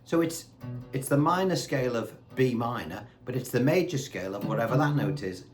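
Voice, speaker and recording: A man's voice: mid-range voice, lively intonation, fairly quick. A man giving a casual guitar lesson, talking in a chatty way and asking rhetorical questions. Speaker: guitar teacher. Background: faint guitar and backing tracks.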